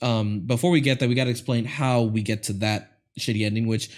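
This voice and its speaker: A man's voice: mid-range voice, steady tone, a little fast, darkish tone. A man hosting a podcast, retelling a film in a rambling, laughing way with many restarts. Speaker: podcast host. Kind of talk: casual movie recap chat.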